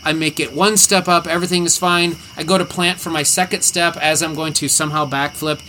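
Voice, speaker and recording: Animated young man, noisy room. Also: a little high, brisk. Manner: animated, laughs often while telling a story. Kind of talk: casual storytelling chat.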